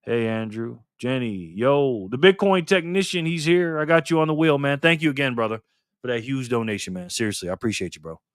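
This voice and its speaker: A man's voice: mid-range voice, fairly quick, clean tone, no room sound, studio quality. Upbeat older man hosting a livestream. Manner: upbeat, greets and thanks viewers by name. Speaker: livestream host. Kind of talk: casual livestream chat, reading donations. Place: alone at a desk at home. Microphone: desk mic facing a camera.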